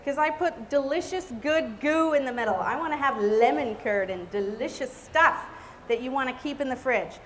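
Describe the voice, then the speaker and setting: A woman's voice: high voice, moderate pace. A woman giving a live cake decorating demonstration, chatty and exclamatory. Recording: reverberant hall with faint noise.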